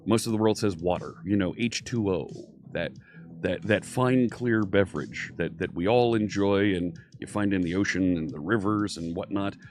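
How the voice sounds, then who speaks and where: A man's voice: deep voice, moderate pace, darkish tone. A man from Philadelphia with a light Philadelphia accent, teaching programming in a casual, upbeat live-stream chat and greeting viewers by name. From Philadelphia, USA. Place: home studio. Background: faint synthwave music.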